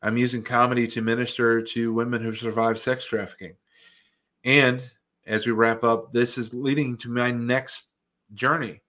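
A man's voice: medium pitch, little pitch movement, normal speed, fairly bright tone. A man, a Christian comedian, giving an earnest, reflective personal testimony with frequent fillers and restarts.

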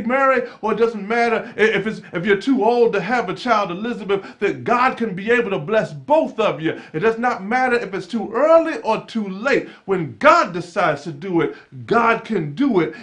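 A man preaching a sermon as pastor, with a repetitive cadence that builds from calm teaching to loud exclaiming. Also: high voice.

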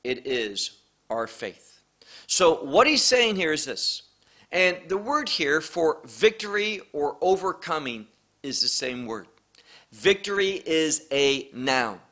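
Man, Bible teacher, verse-by-verse teaching, very slow, bright forceful voice, repeats phrases for emphasis. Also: on the high side, sing-song.

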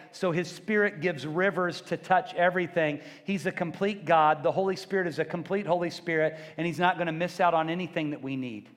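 A fairly high-voiced man delivers a sermon, lively and joking, now and then bursting into acted-out shouts. His voice rings with the long reverb of a big church hall. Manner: animated, joking, acts out loud screams and shouts. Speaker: pastor.

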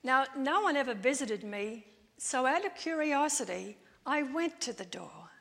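A woman's voice: sits high, expressive, unhurried, gravelly, a bit bright, full character voice. A lonely widow's testimony, as a woman preacher tells it. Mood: confessional. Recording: long church-hall reverb.

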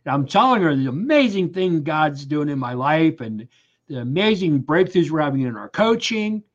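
Man, 60s, coach type, emphatic storyteller, slightly higher voice, lo-fi audio. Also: very animated, moderate pace. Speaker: life coach. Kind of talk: casual podcast conversation.

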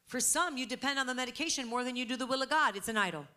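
A middle-aged woman pastor delivering a sermon, building from measured teaching to loud, emphatic preaching. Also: high-pitched. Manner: preaching with rising, emphatic intensity.

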